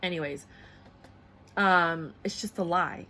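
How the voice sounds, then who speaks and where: A woman doing a casual tarot reading to camera, blunt and animated, slipping into voices as she goes. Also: fairly low pitch, slow, a little hiss or hum. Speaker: tarot reader.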